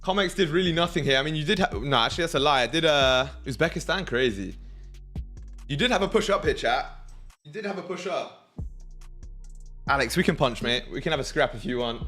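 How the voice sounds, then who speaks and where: A man's voice: fairly high pitch, animated, quick pace, a bit bright, faint music behind. A young man hosting a casual trading livestream, talking to his chat in a slangy, hyped way. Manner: slangy, hypes the chat, thinks aloud. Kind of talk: casual live-stream chat.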